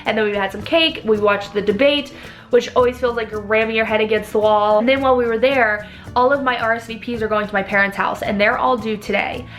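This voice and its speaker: A woman's voice: fairly high pitch, steady tone, fairly quick, fairly bright tone, soft background music. A young woman in her twenties telling a story in a casual vlog, chatty and often laughing. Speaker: vlogger.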